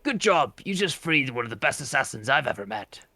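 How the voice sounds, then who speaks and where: A man's voice: medium pitch, big pitch swings, fairly quick, sharp tone, dry recording, voice pushed up. A man voicing Nex, a male pirate crew leader, with a lifted, slightly distant voice. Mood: admiring.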